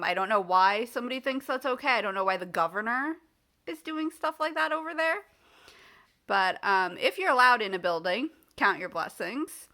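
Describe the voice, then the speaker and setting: A woman's voice: on the high side, sharp tone. A woman vlogger from the United States in casual chat to the camera, rambling with many fillers and acting out the people in her story with exasperation.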